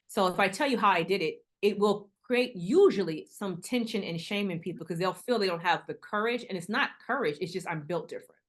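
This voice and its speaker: A middle-aged woman with a mid-range voice is a guest in a casual interview. She tells her story with animated delivery, acting out the voices of the people she quotes.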